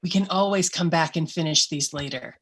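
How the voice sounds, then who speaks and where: Woman, tabletop player, wry asides, lower voice. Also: brisk, slightly rough. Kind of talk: tabletop role-play chat.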